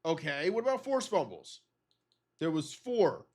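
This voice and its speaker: Excitable man with a cold, swearing. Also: a little high, a little slow. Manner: excitable, swears often, disbelieving exclamations. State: has a cold. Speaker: gaming video creator. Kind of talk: reacting to simulated season results.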